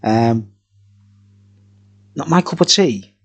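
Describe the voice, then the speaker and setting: A man's voice: mid-range voice, animated, slow. A middle-aged man reviewing beer in a tipsy, jokey, rambling vlog chat, laughing often.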